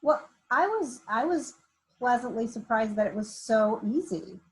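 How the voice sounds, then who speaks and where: A woman's voice: a little high, big pitch swings, measured pace, slightly rough, poor audio. A woman instructor talking in an online meeting, modest and self-deprecating about her progress. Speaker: university instructor. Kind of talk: casual talk in an online meeting.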